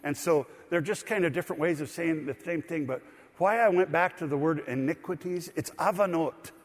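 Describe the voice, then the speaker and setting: A man's voice: a little high, a little fast. A man preaching a sermon as pastor, explaining scripture in a plain, conversational way. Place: church sanctuary. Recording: long hall reverb.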